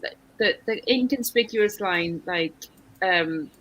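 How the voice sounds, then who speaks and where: Relaxed gushing young-sounding woman. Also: on the low side, slow pace, rough recording. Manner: relaxed, gushing, frequent fillers. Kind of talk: casual chat.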